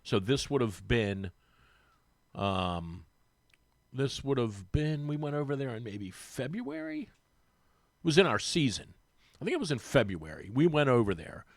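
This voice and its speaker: A man chatting casually as a guest in a radio studio, telling animated stories with frequent restarts. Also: mid-range voice, a little slow, pauses often, dry recording. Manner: animated storyteller, mimics voices, lots of restarts. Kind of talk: casual sports radio chat. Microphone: studio microphone.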